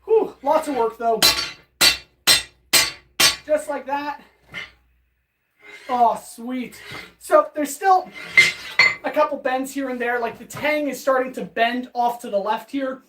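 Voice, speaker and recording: Breathless, upbeat woman blacksmith chatting to her stream, high voice, mic set back from her, loud workshop noise under it. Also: slow pace, pauses often, recorded from a distance. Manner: upbeat and chatty, greets viewers in chat. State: out of breath from hammering. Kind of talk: casual live-stream narration while forging.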